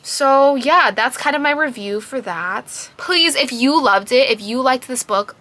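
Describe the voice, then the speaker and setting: Bright, expressive woman reviewing a book. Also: high-pitched. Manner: expressive, emphatic, quick to laugh at the book. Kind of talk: casual book review vlog.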